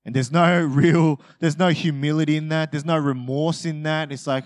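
A man preaching a sermon as a pastor, talking conversationally with humor and acting out short everyday scenes, swinging from loud bursts to quiet asides. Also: a little high, normal speed, hardly any pauses.

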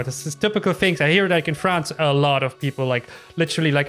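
A man chatting casually in halting, non-native English, with many fillers and restarts as he hosts a conversation. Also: fairly high pitch, fairly even intonation, fairly bright tone, soft background music.

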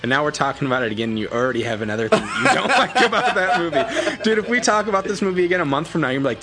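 A man co-hosting a podcast in casual chat, easygoing and teasing, quick to laugh. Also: on the high side, big pitch swings, over a noisy crowd. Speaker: podcast co-host. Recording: clear music behind.

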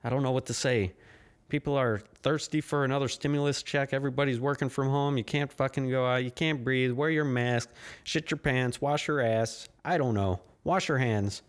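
A man's voice: medium pitch, moderate pace. A man hosting a solo podcast, rambling sarcastically and crudely while wired on caffeine. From United States. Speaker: podcast host.

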